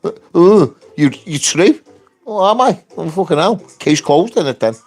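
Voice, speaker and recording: A man rants on a live stream about work and the people above him, swearing constantly. His delivery is blunt and combative, and his voice is somewhat higher than most men's. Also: lively intonation, moderate pace, darkish tone, husky. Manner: ranting, heavy swearing, blunt. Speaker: construction worker and union activist. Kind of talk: angry live-stream rant.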